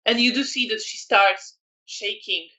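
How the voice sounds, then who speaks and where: Slow-paced tabletop storyteller. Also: medium pitch, bright, forceful tone, low-quality recording. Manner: slow, descriptive narration with fillers. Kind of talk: narrating a tabletop role-playing game.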